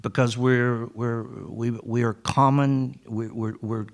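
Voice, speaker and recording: A man's voice: mid-range voice, fairly even intonation, slow pace. A man speaking in a casual panel discussion, earnest and repeating words as he builds a point.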